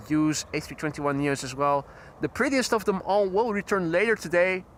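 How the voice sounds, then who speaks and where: A Dutch-accented man hosts a live plane-spotting stream from beside a runway, talking precisely and often rewording himself mid-sentence. His voice sits high and sounds bright and forward. A faint outdoor hum runs beneath him. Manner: chatty, precise, self-correcting. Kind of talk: live commentary with chat greetings.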